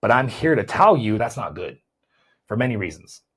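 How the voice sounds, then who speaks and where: A man's voice: on the low side, sing-song, normal speed, slightly rough. A man, a chiropractor hosting a podcast, explains weight loss in a conversational way, often repeating words as he thinks and checking in with "right?".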